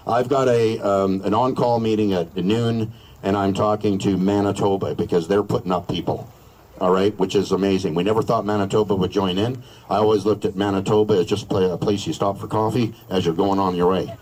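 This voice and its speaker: A man's voice: on the low side, steady tone, a little fast, darkish tone, rough recording. A Canadian man giving a crude, joking, rousing speech at an outdoor rally. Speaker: rally speaker.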